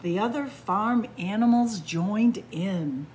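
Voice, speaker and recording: A woman librarian reading a picture book aloud to children in a playful, animated storytelling manner. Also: mid-range voice, slow pace, slight background noise.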